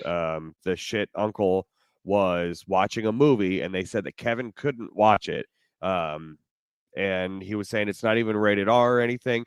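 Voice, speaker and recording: A man's voice: lowish voice, smooth, no echo, studio quality. A man co-hosting a podcast, laid-back and swearing casually in chat. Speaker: podcast co-host. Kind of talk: casual chat about a film.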